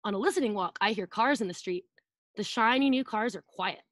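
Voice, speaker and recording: A woman's voice: medium pitch, a little fast. A woman preschool teacher reading a picture book aloud to children over a video call, playfully acting out sound effects and asking them to join in.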